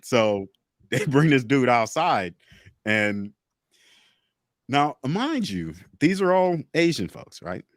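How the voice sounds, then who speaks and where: Very animated male storyteller. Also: mid-range voice, takes it slowly, pauses often, dry recording, studio quality. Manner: animated, profane anecdote telling. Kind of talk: casual storytelling.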